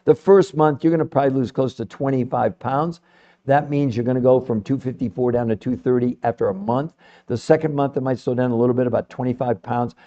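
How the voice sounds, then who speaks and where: A middle-aged man hosting a live health stream, swinging between calm number-reading and loud, swearing pitches to his viewers. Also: dull audio.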